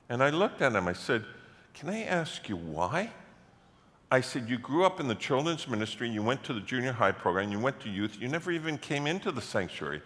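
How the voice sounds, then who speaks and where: Male pastor, bright forceful delivery, story-driven sermon in a reverberant church hall. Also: medium pitch, fairly quick. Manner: storytelling, acts out quoted voices, builds to loud animated passages. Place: church sanctuary.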